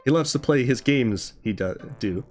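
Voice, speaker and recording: A man's voice: medium pitch, lively intonation, a little fast, soft background music, lightly acted. A man reading the lines of a friendly, rambling old male hermit in his own plain voice, with no accent put on.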